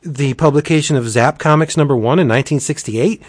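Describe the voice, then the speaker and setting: A man's voice: brisk, no room sound, studio quality, natural voice. A man doing a frantic panicky cartoonist. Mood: puzzled. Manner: frantic, swearing, rising pitch.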